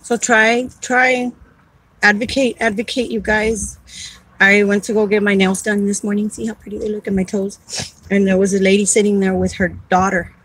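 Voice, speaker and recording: A woman's voice: medium pitch, flat delivery, moderate pace, a bit bright, slightly rough, poor audio. Heartfelt, rambling woman livestreaming. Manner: heartfelt, rambling, repeats herself. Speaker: caregiver advocate. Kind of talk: casual livestream talk.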